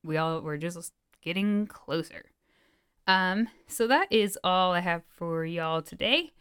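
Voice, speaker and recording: A woman's voice: on the low side, animated, slow, a bit bright, smooth, no room sound, clean studio sound. A woman co-hosting a podcast in casual chat, out of breath and rambling with lots of fillers. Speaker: podcast co-host.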